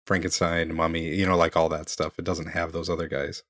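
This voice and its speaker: A man co-hosting a casual podcast chat, laid-back and quick to laugh. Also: low voice, flat delivery, fairly bright tone, dry recording, clean studio sound. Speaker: podcast co-host.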